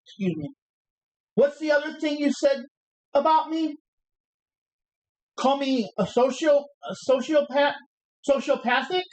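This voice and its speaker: A brash male pro wrestler cutting a taunting promo, cocky and full of challenge, as a woman re-enacts him on a livestream, the words stumbling out as they are recited. The voice sits a little high for the part and drops lower to sound tough. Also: animated, measured pace, pauses often, rough recording. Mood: defiant.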